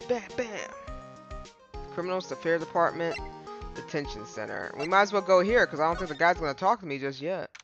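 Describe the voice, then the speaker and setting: A man's voice: on the high side, animated, brisk. A man streaming a game, chatting casually with joking asides. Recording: dull lo-fi stream mic. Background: game music.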